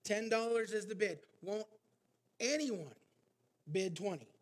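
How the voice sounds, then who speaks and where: Man doing a persistent auctioneer, high voice, pressing questions. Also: measured pace. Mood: insistent. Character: male auctioneer, insistent and persistent.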